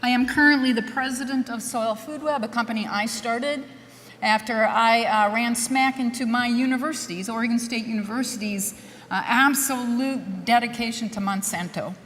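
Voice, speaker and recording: Higher-voiced woman with a Minnesota accent, lecturing with wry, emphatic rhetorical questions, recorded with long reverb. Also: moderate pace, fairly bright tone, slight background noise. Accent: Minnesota with a Scandinavian lilt. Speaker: soil scientist giving a lecture. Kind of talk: conference lecture.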